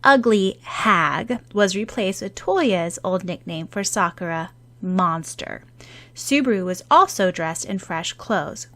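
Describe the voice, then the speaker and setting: A woman's voice: on the low side, a bit bright. Woman narrating a fan story. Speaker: audiobook narrator.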